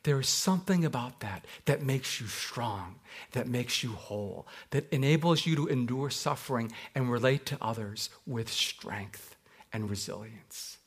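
A man from Canada preaching a sermon as a pastor, telling personal stories in a reflective way and slowing down on key words. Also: medium pitch, expressive, slightly rough.

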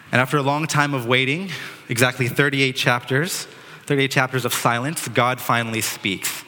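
A man's voice: medium pitch, steady tone, normal speed, pushed and bright. A man preaching a sermon in earnest, quoting figures dramatically, with some restarts. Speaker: pastor. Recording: reverberant hall.

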